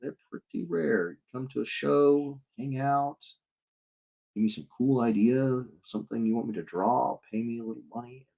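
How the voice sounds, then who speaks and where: Drawing live for his audience, a thirtysomething illustrator rambles and cracks jokes, reads chat messages out loud, and keeps starting his thoughts over. His voice is mid-range, gravelly and dark, at a moderate pace, and the recording sounds muffled.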